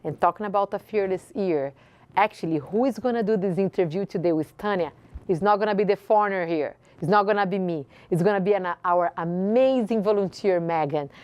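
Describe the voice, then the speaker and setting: On a lo-fi recording, a woman with a Brazilian Portuguese accent speaks at medium pitch, a little fast and smooth. Hosting, she gives an impassioned inspirational speech, driving points home by repeating phrases.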